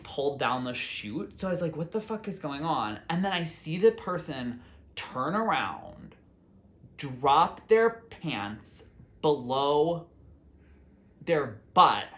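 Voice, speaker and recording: A man's voice: a little high, fairly bright tone. A man hosting his own vlog, telling a story in a casual, rambling way, full of "like" and quoting his own thoughts. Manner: rambling, full of "like" fillers and self-quotes. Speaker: vlog host.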